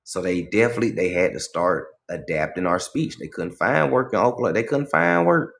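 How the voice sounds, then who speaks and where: A man hosting a livestream in casual commentary, talking in an animated, profane way and asking "right?" again and again. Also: low voice, fairly quick, creaky. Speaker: livestream host.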